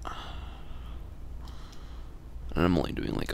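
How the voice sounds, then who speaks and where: A man's voice: low voice, normal speed, creaky, a little hiss or hum. A man giving casual let's play commentary while driving in a game, swearing a lot and flaring up easily. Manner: swears a lot, frustrated and excitable. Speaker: gamer.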